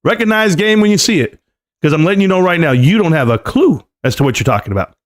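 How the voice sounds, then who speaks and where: A man's voice: high-pitched, lively intonation, quick pace. A man hosting a live stream, ranting in a combative, sarcastic and mocking way.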